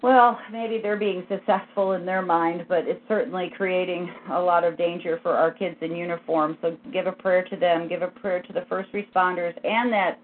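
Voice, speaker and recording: A woman with a lowish voice speaks earnestly, stopping and restarting as she urges her listeners on. The line is thin and phone-like, with a faint hiss behind her. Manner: halting, with frequent restarts, earnest and exhorting. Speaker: podcast co-host. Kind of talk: casual political history chat.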